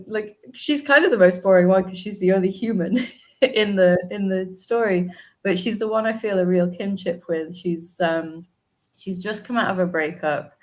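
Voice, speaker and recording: A woman's voice: mid-range voice, moderate pace. A woman, an artist guest in an interview, talking hesitantly with many fillers and frequent laughs. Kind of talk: casual interview chat.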